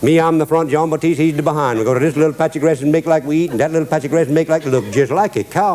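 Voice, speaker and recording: A man's voice: a little high, very fast, few pauses, crowd noise. A man with a Cajun accent hosting a cooking show, mixing kitchen steps with a drawling dialect story and chuckling at his own jokes. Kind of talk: folksy cooking demonstration with storytelling.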